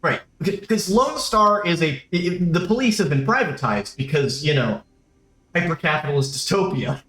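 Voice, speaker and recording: A man's voice: on the high side, animated, moderate pace, fairly bright tone, roomy sound. A man casually chatting and explaining lore during a game playthrough, in rambling, self-interrupting sentences. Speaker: game streamer. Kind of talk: casual let's-play chat.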